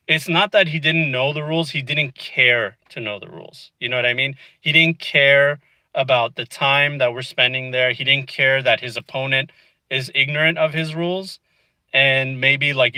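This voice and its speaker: A man in a car vlogs to camera, telling a casual story in a chatty, exasperated way, with plenty of "dude" and "you know what I mean." The voice sits at a middling pitch and comes across bright and forward. The recording is close and dry, without any room echo.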